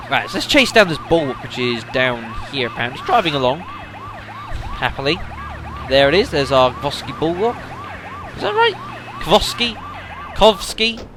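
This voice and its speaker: A man's voice: medium pitch, huge pitch swings, moderate pace. A man giving casual gameplay commentary, rambling with lots of fillers and addressing the audience as folks. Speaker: let's play commentator.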